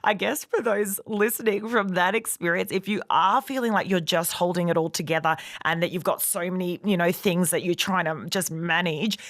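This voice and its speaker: A woman, hosting a podcast and telling a personal story in a candid, animated way. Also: fairly low pitch, normal speed, hardly any pauses, no echo, studio quality. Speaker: podcast host. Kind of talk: podcast interview.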